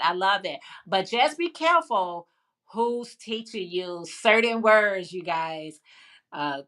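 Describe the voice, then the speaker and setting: Bright-voiced woman hosting a live chat. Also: mid-range voice. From Chicago, United States. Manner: chatty, laughs often, rambling restarts. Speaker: livestream host. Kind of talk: casual live chat reading viewer comments.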